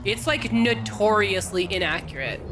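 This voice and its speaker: A woman's voice: mid-range voice, normal speed, loud music behind the voice. A woman from California streaming a game, chatting casually and teasing her chat in a playful way.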